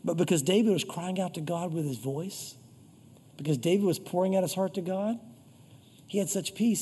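A high-pitched, husky man preaches an informal sermon with a mellow tone. He slips into quoted voices for prayers and scripture. His voice rings out with the long reverb of a hall. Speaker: pastor. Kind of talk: conversational sermon.

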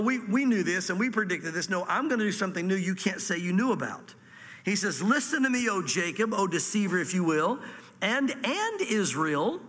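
Bright-voiced pastor preaching in a hall. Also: male voice, high voice. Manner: animated, dramatic readings of scripture with whispered asides. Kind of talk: expository sermon.

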